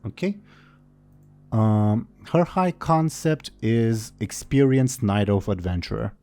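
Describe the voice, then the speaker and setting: A man's voice: lowish voice, lively intonation, slow, dark tone. A man acting as game master in a tabletop role-playing game, with a playful, easygoing manner.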